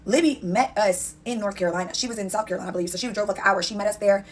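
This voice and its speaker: A woman casually telling a story in an animated way, acting out quotes with "da, da, da" fillers. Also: mid-range voice, racing. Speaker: storyteller recounting a dispute.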